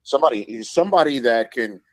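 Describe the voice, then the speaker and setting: A male guest on a sports talk show who gives his picks earnestly, stumbling and restarting as he goes. His voice sits around a middle pitch. The sound is close and dry. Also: expressive, a little fast, dry recording, low-quality recording.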